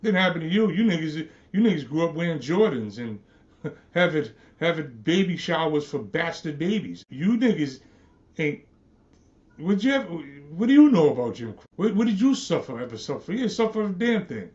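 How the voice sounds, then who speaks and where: A man with a slightly high voice rants scornfully on his podcast, swearing and repeating himself. The sound is dull and lo-fi. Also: big pitch swings, moderate pace, darkish tone. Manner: profane, repetitive, scornful ranting. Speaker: podcast host. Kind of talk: ranting monologue.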